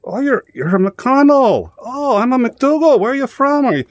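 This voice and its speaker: A man's voice: very animated, moderate pace, no room sound. A man voicing a chatty policeman in a joke, with a stammering delivery. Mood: jovial. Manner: high-pitched, stammering joke-telling voice. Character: chatty Irish male cop.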